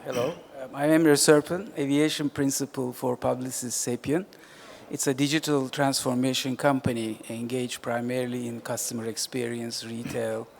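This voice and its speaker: A man's voice: mid-range voice, a little mellow. An older man addresses a conference panel with earnest sincerity. His voice sits in the middle range for a man. A faint hiss sits behind it. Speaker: aviation consultant, panelist.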